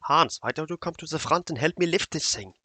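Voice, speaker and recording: A man voicing an irritable German army truck driver in a put-on German accent, loud and grumbling. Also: a little high, animated, brisk, no echo, pitched above the performer's own voice. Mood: annoyed.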